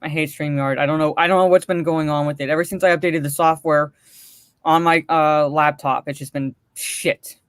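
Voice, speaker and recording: A woman's voice: deep voice, steady tone, normal speed, no room sound, clean studio sound. A woman co-hosting a live stream, ranting and cursing, then greeting viewers in the chat one by one.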